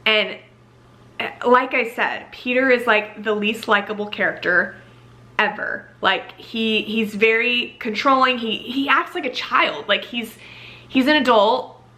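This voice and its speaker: Young adult woman, bright voice pitched a little high, chatty and gushing book reviewer. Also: a little slow. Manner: gushing, filler-heavy with frequent "like". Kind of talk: casual chat.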